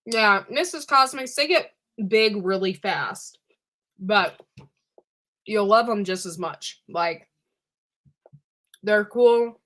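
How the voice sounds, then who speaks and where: A woman co-hosting a casual live stream over a video call, chatty and quick to laugh, peppering her talk with "like" and "dude". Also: medium pitch, a bit bright. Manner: chewing while talking. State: recovering from illness. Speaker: co-host.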